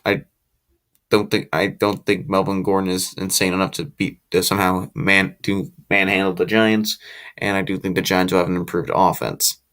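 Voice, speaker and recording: A young livestream host runs a late-night live chat with viewers, sleepy and yawning as he rambles with restarts and opinionated asides. His low voice barely moves in pitch, comes at a normal speed, and sounds a bit bright.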